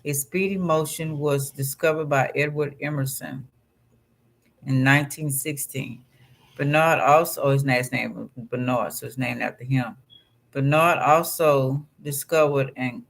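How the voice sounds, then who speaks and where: A man's voice: medium pitch, unhurried, creaky, a bit bright. A man hosting a vlog, reading astrology text aloud and breaking off into casual, conversational asides. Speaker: vlog host.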